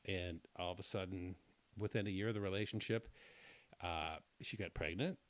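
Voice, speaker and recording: A man telling a long personal story in casual chat, rambling and self-deprecating, often clearing his throat. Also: sits low, moderate pace, a little hiss or hum.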